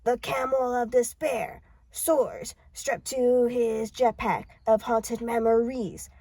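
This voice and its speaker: A woman's voice: high voice, level tone, fast, a little mellow, dry recording, pitched above the performer's own voice, natural voice. A woman voicing a taunting man at a party with a fake Jamaican accent, posing as a psychic and asking prying questions. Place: parked car.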